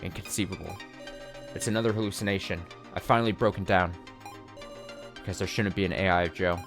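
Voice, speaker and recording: A man's voice: deep voice, steady tone, fairly quick, fairly bright tone, faint music behind. A man voicing a dazed, guilt-ridden young woman from a game, narrating her thoughts in a subdued, inward way.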